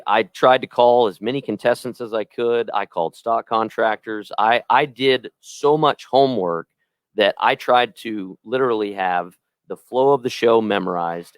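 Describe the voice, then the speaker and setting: Low-voiced man telling a story. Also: fairly bright tone, clear, resonant tone, dry recording. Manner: earnest storytelling with many restarts. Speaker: rodeo announcer. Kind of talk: casual podcast chat.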